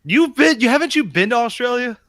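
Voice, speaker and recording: Profane, joking podcast co-host, thirties, lively voice, dry sound. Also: male voice, very high-pitched, brisk, no echo. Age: 30s. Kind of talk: casual banter.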